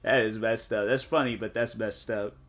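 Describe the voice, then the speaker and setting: A streamer with a lowish, steady voice talks casually at a normal pace, rambling, using lots of fillers and restarting sentences. The tone is a bit bright, and game music plays in the background.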